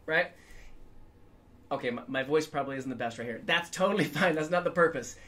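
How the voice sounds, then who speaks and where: A man's voice: on the high side, brisk, a bit bright. Upbeat male guitar teacher. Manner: upbeat, chatty, sings scales to demonstrate. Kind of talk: casual guitar lesson.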